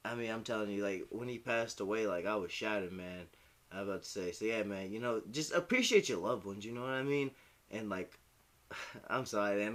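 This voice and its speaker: A man's voice: mid-range voice, bright, forceful tone. A young man in casual chat as a streamer, rambling, heartfelt and profane. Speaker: hip-hop commentary streamer.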